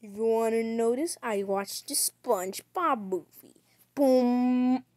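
A woman streamer giving chatty commentary on a game as she plays, breaking into sudden loud, excited outbursts. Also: on the high side, unhurried, dry recording. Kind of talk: gaming livestream commentary.

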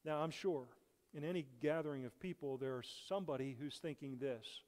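A man's voice: on the high side, normal speed, a little mellow. Guest preacher, man, slightly raised voice, earnest sermon delivery, long church echo. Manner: earnest, rising and falling emphasis. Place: church sanctuary.

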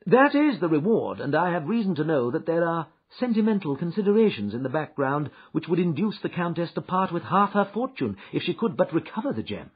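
A man voicing a shrewd, confident detective who lectures in a brisk, precise way, in a dull, muffled recording. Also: fairly high pitch, big pitch swings, slightly rough, voice pushed up. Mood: grave. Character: shrewd confident male detective, middle-aged. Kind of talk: audiobook character reading.

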